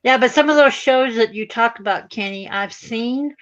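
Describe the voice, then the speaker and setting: A woman's voice: fairly high pitch, moderate pace, fairly bright tone, muffled recording. A woman guest on a casual livestream chat who speaks in an easygoing, matter-of-fact way.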